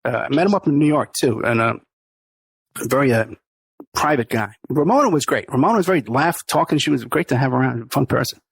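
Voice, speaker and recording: A man's voice: mid-range voice, animated, a little fast, gravelly, husky, no echo. A middle-aged man, the podcast host, telling a story in a casual interview, laughing often and acting out the people he quotes.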